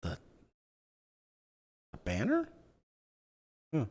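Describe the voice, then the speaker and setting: A man hosting a game roleplay stream in a casual, chatty way. He moves between bright, loud greetings and quiet muttering. His voice swoops widely and he takes his time. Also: a little high, wildly swooping pitch, drawn-out words.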